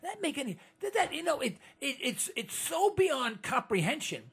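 A man's voice: extremely high pitch, very animated, normal speed, creaky, fairly bright tone. A man giving an indignant, rambling monologue as a host, often restarting his sentences. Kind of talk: monologue to listeners.

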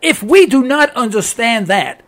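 High-voiced gravelly man ranting. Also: big pitch swings, measured pace, fairly bright tone. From United States. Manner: emphatic, sarcastic, hammers points by repetition. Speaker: political commentator. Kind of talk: opinionated radio-style monologue.

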